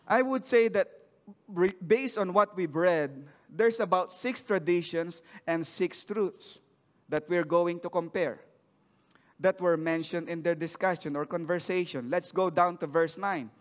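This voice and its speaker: Male preacher, high voice, reading scripture and questioning the church, long hall reverb. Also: a little slow. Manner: reads scripture then asks the congregation questions. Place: church sanctuary.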